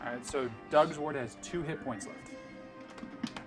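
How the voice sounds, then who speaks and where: A man at a tabletop game making quick joking asides. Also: mid-range voice, over music. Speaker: player. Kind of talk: casual tabletop play.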